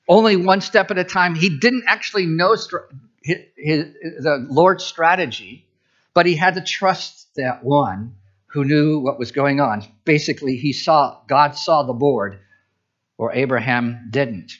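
A man's voice: a little high, a little slow, a bit bright, lo-fi sound. A man preaching as a pastor, conversational, with asides and restarts. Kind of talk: sermon.

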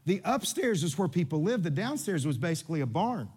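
A pastor, a man whose voice sits notably high, preaches with lively, playful energy. He jokes, repeats himself to make a point, and speaks straight to the congregation. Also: brisk, husky. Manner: animated, playful, coaching volunteers on stage. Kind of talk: sermon.

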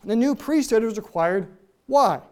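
A Bible teacher going through a passage verse by verse, talking very fast, tripping over words and repeating key points for emphasis. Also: medium pitch, lively intonation. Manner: talks very fast, trips over own words.

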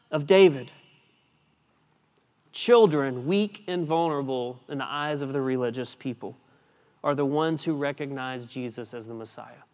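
A male pastor preaching a sermon, swinging between hushed and emphatic lines, with casual asides. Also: on the high side. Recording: long hall reverb.

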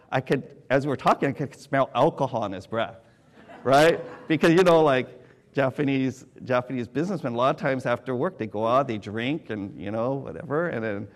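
A man from California preaching, telling a story in an animated way, swinging from loud excited bursts to quiet hushed tones. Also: medium pitch. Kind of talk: sermon storytelling.

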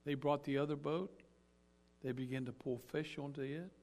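A man preaching a sermon as an animated storyteller who acts out the characters as he goes. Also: on the high side, normal speed.

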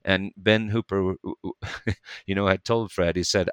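A man and preacher telling a story in casual conversation, animated and quick in bursts. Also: deep voice, clear, resonant tone, dry recording, studio quality.

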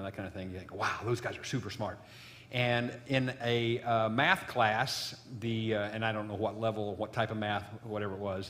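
Low-voiced man preaching in a reverberant hall. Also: fairly bright tone. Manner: rambling storytelling with many fillers. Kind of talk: sermon.

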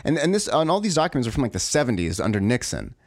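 Man, mid-pitch, dry close mic, exasperated rambling rant, heavy swearing. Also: very animated, fast, no echo. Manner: profane, exasperated, rambling with restarts. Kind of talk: ranting monologue.

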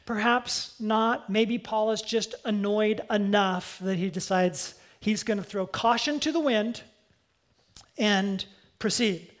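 A pastor delivering a sermon in a relaxed, conversational manner, pitched at a middle level. The talk drifts into asides and self-corrections before returning to the point. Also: slow.

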